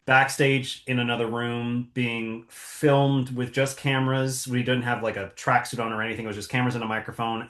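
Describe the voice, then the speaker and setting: A man's voice: mid-range voice, fairly bright tone. A man, a voice actor being interviewed, talks casually and thoughtfully with many fillers. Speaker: voice actor guest. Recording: echoey room.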